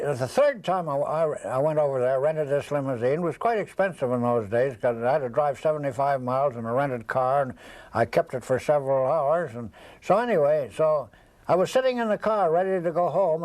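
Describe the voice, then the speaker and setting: A man's voice: a little high, a little mellow, rough recording. An older man telling a long, rambling anecdote in an interview, acting out the other people's voices. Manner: rambling, acts out the voices of people in his stories. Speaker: interviewee, storyteller. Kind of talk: casual anecdotal storytelling.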